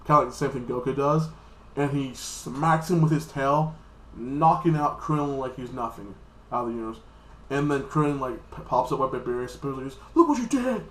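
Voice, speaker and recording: An American man giving a casual, rambling and profane recap of an anime episode, now and then jumping into high, squeaky mock voices. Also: steady tone, normal speed, echoey room, low-quality recording. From United States. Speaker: anime reviewer.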